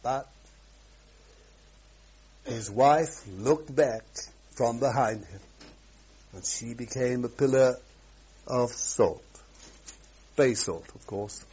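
A man preaching a sermon, swinging between loud, emphatic exclamations and hushed asides. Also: medium pitch, slow, long pauses, husky. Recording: dull lo-fi sermon recording.

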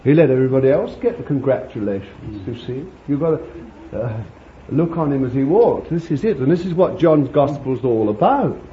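A man preaching a conversational sermon, rambling warmly with chuckles and fond asides to his listeners. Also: mid-range voice, expressive, normal speed. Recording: dull lo-fi recording with faint hiss.

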